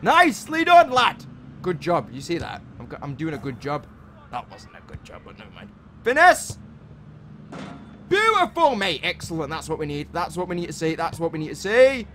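A young man talks through his football game in a lively, bouncy voice that swings up and down in pitch. He cheers his players on, swears when things go wrong and sits a little higher than most men. A faint hiss runs underneath. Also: fast. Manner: excitable, shouts encouragement and swears at players. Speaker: gaming channel host. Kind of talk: casual gameplay commentary.

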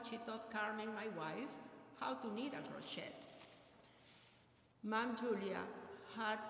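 A middle-aged woman gives a heartfelt eulogy in an earnest, measured way. Her mid-range voice rings out through an echoey hall with a long reverb tail, and faint ambient noise sits underneath. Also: mid-range voice, fairly bright tone. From Peru. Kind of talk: memorial eulogy.

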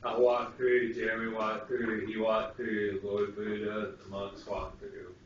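A man's voice: on the low side, measured pace. A man co-hosting a casual spiritual talk show, telling an experience at length and acting out the voices he quotes. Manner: animated storyteller, acts out quoted voices. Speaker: co-host. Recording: distant, roomy, dull lo-fi sound with hiss.

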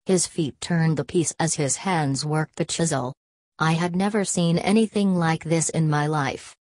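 A woman reading a story aloud as an audiobook narrator, in an even, unhurried way. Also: sits low, dry recording.

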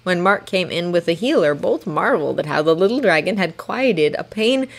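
A woman's voice: lowish voice, lively intonation, normal speed, gravelly. Woman narrating a fan story. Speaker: fanfiction reader. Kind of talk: audiobook narration.

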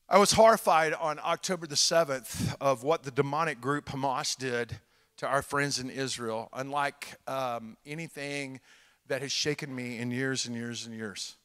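A middle-aged man with a Texan accent preaching a sermon at a church conference, folksy and animated, joking with the congregation. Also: medium pitch, moderate pace, clear, resonant tone. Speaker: guest preacher. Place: large church hall. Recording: church hall with long reverb.

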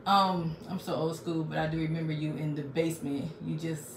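A woman with a low-pitched voice and a flat, fairly quick delivery runs a live crafting stream from a small home craft room. Chatty and addressing viewers directly, she reads comments aloud, and her voice sounds distant and roomy, set back from the mic over a faint hum.

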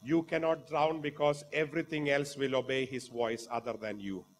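A man with an Indian English accent preaching a sermon, fervent and dramatic, swinging from quiet talk to loud exclamations. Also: mid-range voice, fairly even intonation, normal speed. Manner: acts out quoted voices in the story.

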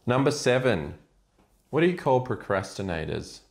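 Slow, low-voiced dad. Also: male voice, lively intonation. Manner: self-deprecating, groaning at his own jokes. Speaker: father telling dad jokes. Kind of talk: deadpan joke telling.

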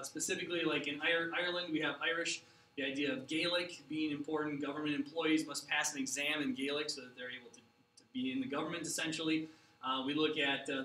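A man's voice: on the high side, bright, forceful tone, reverberant, recorded from a distance, slight background noise, rough recording. A man teaching a geography lesson over slides, casual and chatty with many restarts. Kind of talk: classroom lecture over slides.

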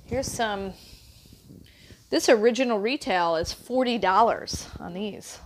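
A woman's voice: medium pitch, a little slow. A woman reseller chatting cheerfully through an unboxing on a lapel mic, upbeat and teasing. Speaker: online reseller. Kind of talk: casual unboxing chat.

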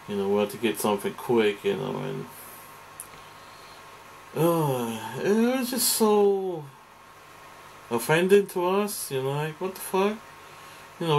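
A man's voice: medium pitch, slight background noise, low-quality recording. A man delivering a rambling, profane, aggrieved rant to camera as a vlogger. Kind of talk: ranting monologue to camera.

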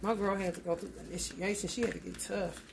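Woman, tarot reader, gravelly voice, blunt, swears freely, calls everyone honey, casual reading. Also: mid-range voice, fairly even intonation, fast, background noise.

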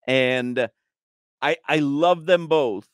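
A man's voice: mid-range voice, extremely slow, smooth, dry recording. A man hosting a radio show, bantering and teasing his co-hosts in casual studio chat. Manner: animated, teasing, reads aloud. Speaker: radio sports show host.

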